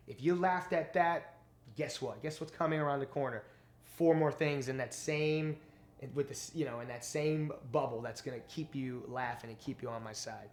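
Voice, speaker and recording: A male stand-up comedian, telling stories in a casual interview, animated and profane, acting out quotes. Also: medium pitch, normal speed.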